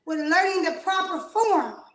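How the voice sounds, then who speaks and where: A woman's voice: very high voice, animated, moderate pace, echoey room, slight background noise. A woman fitness trainer, out of breath, energetically coaching a live workout, counting reps and calling out commands.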